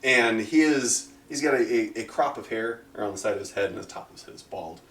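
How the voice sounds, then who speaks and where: A man's voice: lowish voice, animated, fast talker, fairly bright tone, a little hiss or hum. A man as game master, narrating a tabletop game in a descriptive, rambling way. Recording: roomy, mic far off.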